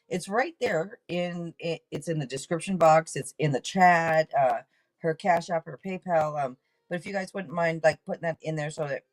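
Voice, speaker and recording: A woman hosting a live tarot reading stream, talking in an excitable, rambling way and swearing casually. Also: low-pitched, rough recording.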